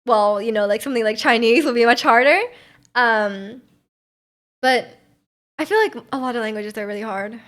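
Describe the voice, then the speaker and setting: With a fairly bright tone and a voice on the high side, the young North American host talks at normal speed but pauses often. Her casual livestream chatter is rambling and giggly, heavy on fillers.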